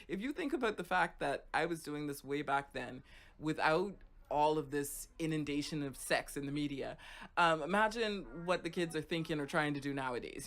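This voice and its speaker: A woman host from Florida telling a casual, chatty story, often checking in with "right?" and "okay?". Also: low-pitched. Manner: animated, conversational, frequent "right?" and "okay?".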